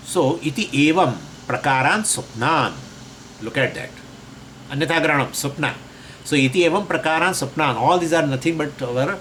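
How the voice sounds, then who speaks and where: A man's voice: a little high, a bit bright, slight background noise, poor audio. A man teaching a lecture on Sanskrit scripture. He explains the terms in English and asks and answers his own questions.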